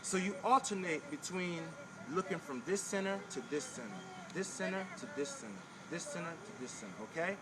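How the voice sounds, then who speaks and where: A spiritual wellness teacher talks briskly with hardly any pauses, his voice sitting high over crowd noise. He teaches a breathing and pelvic floor exercise in a casual video, repeating instructions and coaching the viewer directly.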